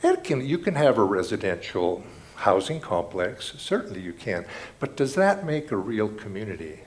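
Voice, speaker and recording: A man's voice: fairly low pitch, sing-song, moderate pace. A man giving an earnest, reflective spiritual talk at a ceremony, telling stories as he goes. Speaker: spiritual speaker.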